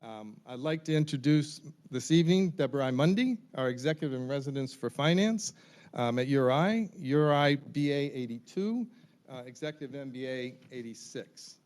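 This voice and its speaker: Reading names and titles at a university panel, this moderator has a mid-range, darkish voice with lively intonation and a normal pace. His delivery is full of ums, recorded from afar in a hall.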